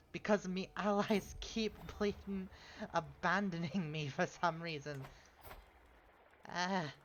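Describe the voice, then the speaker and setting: A woman with a British Isles accent streaming a strategy game, chatting to viewers, reading event text aloud and breaking into excited cries. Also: deep voice, a little hiss or hum. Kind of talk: casual game stream chat. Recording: dull lo-fi stream audio with faint music.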